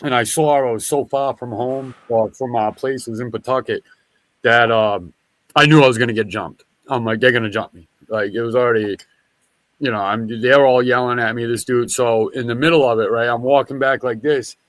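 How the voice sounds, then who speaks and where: A man tells a wandering story in a casual chat, swearing freely and stopping to restart his sentences. His voice sits at a medium pitch, and the recording is dry and close to the mic. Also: normal speed, no room sound. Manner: rambling, profane, animated storytelling; restarts and backtracks often.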